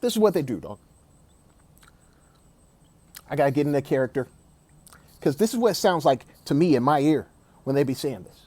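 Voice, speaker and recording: A man delivers an emphatic, opinionated sports rant. He hammers his points by repeating them and keeps saying "dog." His pitch jumps around a lot, and the recording is dry and close. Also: very animated, fast talker, darkish tone, dry recording. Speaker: sports commentator.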